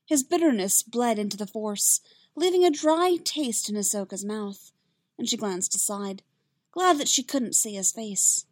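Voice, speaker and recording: A woman's voice: on the high side, animated, measured pace, no room sound. Woman reading a story, dry close sound. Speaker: reader. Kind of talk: reading fan fiction aloud.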